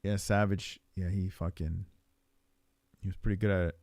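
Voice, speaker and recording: A man in his forties with a New York accent, rambling and swearing in casual live stream chat while high, chuckling often. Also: level tone, moderate pace, a little mellow, dry recording. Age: 40s.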